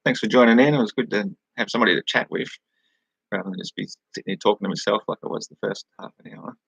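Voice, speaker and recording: A man's voice: on the low side, fast talker, creaky, fairly bright tone, slightly rough, no echo, dull audio. An Australian man from New South Wales hosting a casual live chat over a webcam, rambling, swearing freely and laughing at his own remarks. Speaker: live-stream host.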